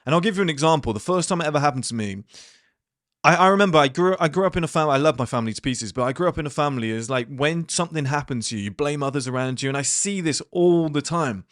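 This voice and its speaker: A man's voice: a little high, animated, fast talker, fairly bright tone, dry recording, clean studio sound. A man in his thirties giving a casual motivational talk to his viewers, blunt and rambling, with plenty of swearing and fillers. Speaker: channel host.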